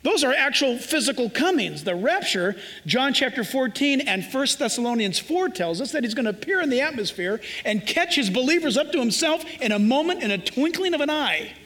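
A pastor from Southern California preaches a sermon in a reverberant hall, his very high-pitched, fairly bright voice sing-song and fairly quick with few pauses. He's emphatic and conversational, acting out little scenes as he goes.

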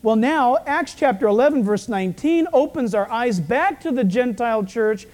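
A male pastor with a croaky, frog-like voice, preaching a sermon with storytelling asides. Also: very high voice, lively intonation, normal speed, a little mellow.

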